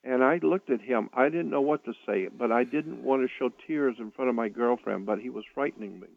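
An older man telling a personal story in an interview, speaking earnestly with halting starts and repeated words. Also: medium pitch, creaky. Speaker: guest recounting a personal experience. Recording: tinny phone line, dry.

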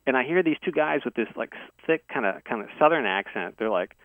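A man's voice: medium pitch, expressive, brisk, dry recording. A male guest earnestly telling a detailed personal story in a conversational way, heard over a phone. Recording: tinny dry phone line.

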